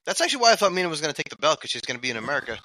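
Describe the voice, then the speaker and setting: A man in his forties, a podcast guest, quick and jokey in casual chat. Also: fairly high pitch, sing-song, sharp tone, no echo.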